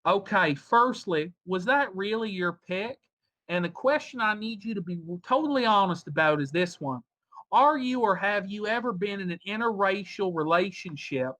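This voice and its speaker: Casting: insistent man in a put-on Southern drawl, read by a man, bright edge. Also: high voice, expressive, moderate pace. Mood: wheedling. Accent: put-on American Southern. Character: pushy grown man coaxing a woman in chat.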